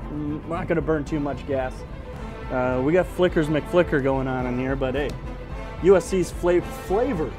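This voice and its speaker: Higher-voiced man ranting through sports picks. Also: moderate pace, over music. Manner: joking, ranting, teasing. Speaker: podcast host. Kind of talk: casual sports picks chat.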